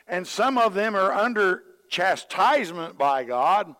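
A man preaches a sermon in a folksy, storytelling way, slipping into the voices of the people he quotes. His voice sits a little high for a man. The sound rings with the long reverb of a large hall. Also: expressive, a little slow, pushed and bright. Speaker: pastor.

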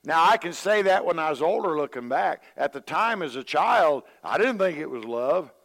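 Storytelling preacher in an echoing hall. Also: male voice, a little high, animated, moderate pace, gravelly, a bit bright. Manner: folksy storytelling, acts out quoted voices. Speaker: pastor. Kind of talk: sermon.

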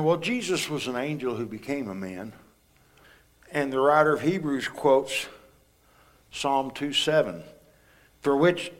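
A man delivers a sermon in a plain, conversational way. He talks like a pastor speaking straight to his congregation, asking them questions and adding homely asides. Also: medium pitch. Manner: plain-spoken, folksy asides.

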